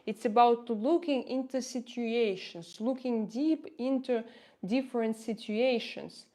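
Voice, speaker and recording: A woman with a Russian accent, a native Russian speaker, chatting casually with her livestream viewers, often pausing to search for English words. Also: on the high side, mellow. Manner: hesitant, searching for words with many fillers. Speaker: livestream host reading viewer chat.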